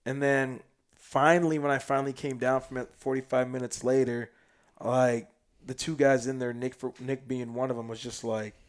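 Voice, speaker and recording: A man from South Sudan talks as a podcast guest in loose, slangy storytelling. His mid-range voice swings from loud, excited bursts down to hushed asides as he relives the moment. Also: medium pitch, normal speed. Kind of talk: casual storytelling chat.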